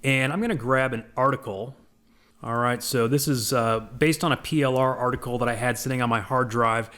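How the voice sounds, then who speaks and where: A man with a mid-range voice talks a little fast as he narrates a screen recording of a software demo. His walkthrough is relaxed and conversational, with frequent asides.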